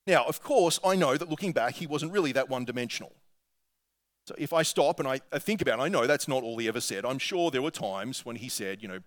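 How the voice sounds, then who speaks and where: A man's voice: a little high, expressive, a little fast, a bit bright. Australian man preaching in a raised voice. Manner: earnest, conversational preaching with read-aloud quotations. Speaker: pastor. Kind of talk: sermon.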